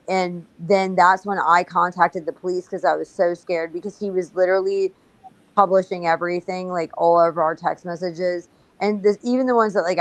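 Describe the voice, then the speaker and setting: A woman recounts events in a casual livestream talk, blunt and full of profanity. Her voice is gravelly and sits low, and the sound is dry and close. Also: dry recording, rough recording. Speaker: guest.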